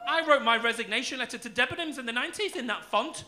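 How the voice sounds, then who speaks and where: A man's voice: very high voice, expressive, fast talker, pushed and bright. Camp comic in his forties. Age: 40s. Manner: camp, cheeky crowd work with swearing. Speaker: stand-up comedian. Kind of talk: stand-up comedy set. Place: comedy club stage. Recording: noisy club room with audience. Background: audience laughter.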